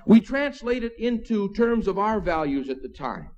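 A man's voice: sits high, big pitch swings, moderate pace, darkish tone. A man preaching a sermon in a conversational way, with asides and small chuckles. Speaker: pastor.

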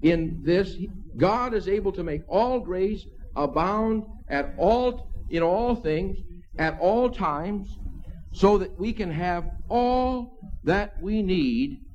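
High-voiced male preacher, lo-fi. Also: lively intonation, slow pace, darkish tone, a little hiss or hum. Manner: conversational preaching with asides and chuckles. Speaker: pastor. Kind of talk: sermon.

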